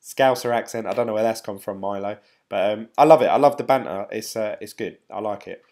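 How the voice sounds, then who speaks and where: A middle-aged man with a somewhat low voice, talking loosely on a live stream. He drifts between thoughts and fills gaps with plenty of "um"s as he answers his viewers. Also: fairly quick, darkish tone. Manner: rambling and chatty, with frequent "um". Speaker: crypto YouTuber, live-stream host. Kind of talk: casual live-stream chat, reading viewer comments.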